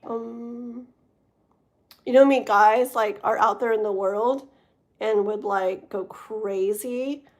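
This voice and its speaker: A woman's voice: on the high side, fairly even intonation, takes it slowly. A woman doing a live-stream tarot reading, talking straight to the viewer, rambling and stumbling over her words. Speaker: tarot reader.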